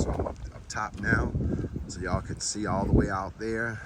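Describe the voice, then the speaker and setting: A man's voice: on the low side, steady tone, normal speed, heavy background noise. A middle-aged man chatting casually and heartfelt to his viewers, filming outdoors at his home. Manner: easygoing, heartfelt, talks straight to viewers. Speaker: homestead vlogger. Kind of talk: casual talk to camera.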